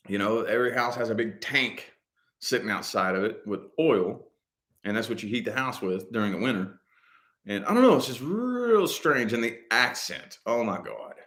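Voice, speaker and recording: A man talks loosely and at length to his viewers, circling back to repeat himself. He fills his talk with "you know" and the odd curse. His voice sits at an ordinary middle pitch. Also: a bit bright. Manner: rambling, loose and profane, with many "you know" fillers. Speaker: host answering viewer comments. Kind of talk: casual livestream chat.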